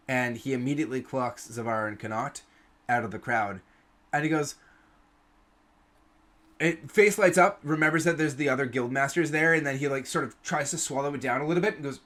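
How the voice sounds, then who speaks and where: A man's voice: medium pitch, moderate pace, a bit bright. Man narrating as game master. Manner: loose, descriptive, casual.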